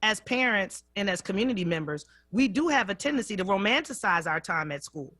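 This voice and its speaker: A woman hosting a radio talk show, speaking in a measured, emphatic way and drawing out key words. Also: medium pitch, expressive, a bit bright, dry recording, studio quality. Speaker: radio host. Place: radio studio.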